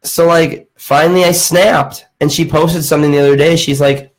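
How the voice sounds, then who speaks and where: A man's voice: fairly high pitch, fairly even intonation, moderate pace, low-quality recording. Profane ranting male podcast host. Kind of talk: casual chat.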